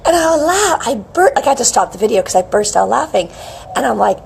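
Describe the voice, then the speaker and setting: A middle-aged woman hosting a casual live wellness stream, chirpy and animated, greeting viewers by name. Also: mid-range voice, normal speed, creaky, a little hiss or hum, poor audio. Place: outdoors with a palm tree behind. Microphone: hands-free phone camera.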